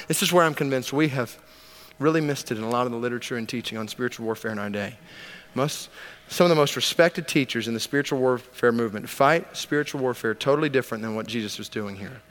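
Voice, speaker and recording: A man's voice: mid-range voice, fairly bright tone. A man preaching a sermon, driving his points home with emphatic rhetorical questions and repeated commands. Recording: long hall reverb.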